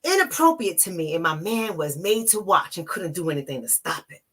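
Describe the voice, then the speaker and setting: A woman's voice: fairly low pitch, expressive, brisk, a bit bright, husky. A woman from the Bronx, a relationship coach, talking emphatically to her viewers in an emotional vlog. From the Bronx, New York. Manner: emphatic, talks straight to viewers as y'all.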